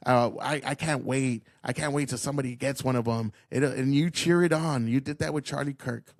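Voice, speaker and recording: A man's voice: medium pitch, a little fast, dry recording, clean studio sound. A man hosting a political commentary stream, ranting in an angry, profane, combative way.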